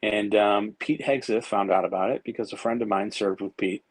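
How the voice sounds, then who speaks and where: A man's voice: on the low side, fairly even intonation, normal speed, slightly rough, no echo, poor audio. A man guesting on a podcast, telling long, rambling stories with plenty of fillers and some swearing. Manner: rambling, profane, many fillers and restarts. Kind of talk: casual storytelling.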